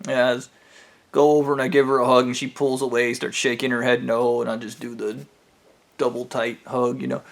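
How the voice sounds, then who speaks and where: A man's voice: mid-range voice, flat delivery, fairly quick, gravelly. A man telling a rambling story from his own life in a casual, profane way, with plenty of fillers. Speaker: vlogger.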